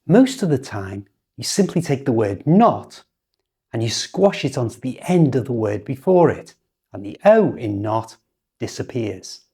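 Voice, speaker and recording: British woman, English teacher; patient, unhurried delivery, soft warm tone. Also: rumbling low, big pitch swings, husky. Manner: patient, instructive, over-articulated examples. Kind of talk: slow, clear teaching with model sentences.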